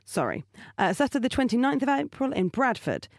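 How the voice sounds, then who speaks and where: A woman's voice: high voice, sing-song, fairly quick, no room sound. Upbeat woman, dry close mic. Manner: chatty, upbeat, reads out tour dates. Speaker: podcast co-host. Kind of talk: casual chat.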